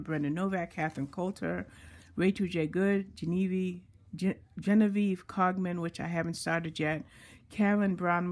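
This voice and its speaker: A woman book blogger chatting casually as she shows her planners, often stopping to correct herself. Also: fairly low pitch. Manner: chatty, self-correcting, reads lists slowly. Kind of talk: casual show-and-tell vlog.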